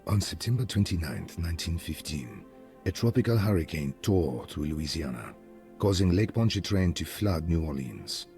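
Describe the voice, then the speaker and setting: A man voicing a grave game narrator who reads out an old historical account in a measured, solemn way. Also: a bass voice, vocal fry, a little mellow, heavily acted. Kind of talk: scripted narration.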